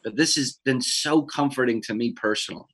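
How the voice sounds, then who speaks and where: A man, a pastor who preaches on Sundays, talking earnestly and personally about a psalm in a relaxed discussion. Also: mid-range voice, brisk, husky. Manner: earnest, personal, with fillers and restarts. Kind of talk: conversational Bible discussion.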